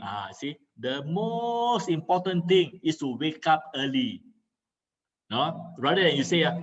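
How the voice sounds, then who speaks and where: A man with a slightly raised voice gives an online skills lesson. He talks like a patient teacher, fills pauses with a string of "uh"s and keeps asking "okay?" to check on his listeners. His voice comes through a muffled video-call line. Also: on the high side, expressive. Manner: teacherly, many filler "uh"s, checks understanding with "okay?". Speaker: communication skills trainer. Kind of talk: online training lecture.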